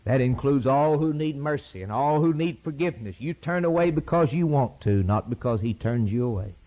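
A man preaching a sermon, impassioned and rhythmic, swinging from loud high peaks down to low, quiet lines. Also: lively intonation, fairly quick. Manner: impassioned, rising to shouted peaks then dropping low; repetitive, rhythmic preaching cadence. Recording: dull lo-fi sermon tape.

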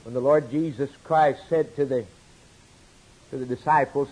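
A man preaching a sermon, swinging from loud emphatic declarations to quiet asides. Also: medium pitch, fairly even intonation, normal speed, pauses often, slightly rough, low-quality recording.

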